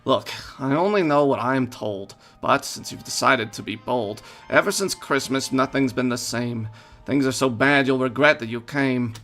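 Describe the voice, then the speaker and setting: A man's voice: mid-range voice, moderate pace, fairly bright tone, soft background music, natural voice. A man reading a rhyming robot guard. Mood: ominous. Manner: speaks in rhyming couplets. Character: rhyming male robot desk guard, stern. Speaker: game developer.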